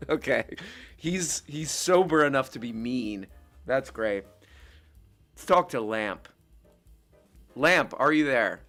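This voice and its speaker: A man's voice: medium pitch, lively intonation, takes it slowly, pauses often, a bit bright, faint music behind. A man hosting a live call-in show, chatting casually with callers and laughing often.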